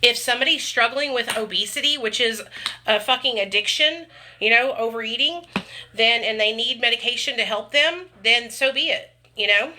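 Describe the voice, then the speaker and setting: A woman's voice: a little high, moderate pace, sharp tone, slight background noise. A woman chatting casually to her livestream viewers, calling them honey and y'all. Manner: chatty, frequent "you guys" and "y'all", calls viewers honey and baby. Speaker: vlogger chatting with live viewers.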